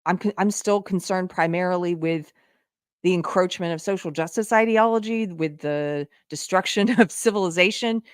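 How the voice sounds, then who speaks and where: A woman's voice: lowish voice, normal speed, clear, resonant tone, no room sound, clean studio sound. A woman hosting a live online commentary show, talking in an impassioned way that climbs into exasperated outbursts. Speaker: show host.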